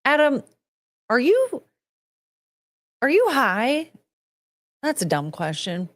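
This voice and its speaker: A woman's voice: sits high, huge pitch swings, slow, no echo. Woman podcaster, loose and rambling, musing aloud in casual chat, close dry mic. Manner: rambling, thinks out loud with rhetorical questions. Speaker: podcast host.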